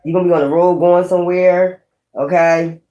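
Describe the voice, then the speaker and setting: A woman's voice: lowish voice, steady tone, normal speed, lo-fi sound, noisy background. A woman giving a blunt, chatty tarot reading. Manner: blunt and chatty, with swearing and laughs. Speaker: tarot reader. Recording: echoey room.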